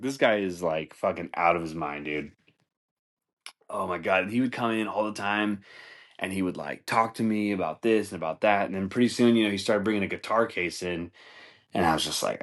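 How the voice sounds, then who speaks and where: A man hosting a comedy podcast, telling a story in a casual, animated way, swearing often and acting out the people in it. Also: a little fast. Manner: animated, swears, laughs, voices others in raised pitch. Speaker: podcast host.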